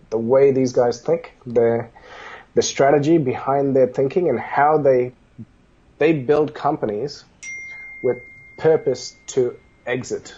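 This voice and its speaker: A man telling business stories in a casual interview, animated, acting out the dialogue as he goes. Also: mid-range voice, breathy edge, dull audio. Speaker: business guest.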